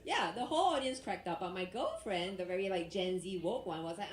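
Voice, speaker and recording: A woman's voice: mid-range voice, lively intonation, fairly quick. A woman from Asia doing a stand-up set on a comedy club stage, brash and teasing as she works the crowd on a handheld mic. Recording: roomy club sound.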